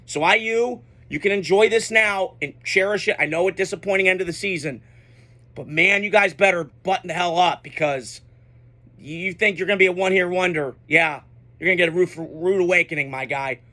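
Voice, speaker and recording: Blunt high-voiced young sports ranter. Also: male voice, brisk, sharp tone. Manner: blunt, unfiltered, profane. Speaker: sports commentator. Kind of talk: casual sports reaction monologue.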